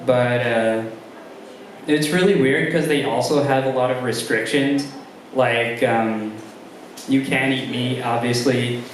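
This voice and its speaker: A young man doing a stand-up comedy set, talking haltingly with many ums and restarts. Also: mid-range voice, steady tone, recorded from a distance, slight background noise. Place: comedy club room with a live audience. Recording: very roomy live room sound.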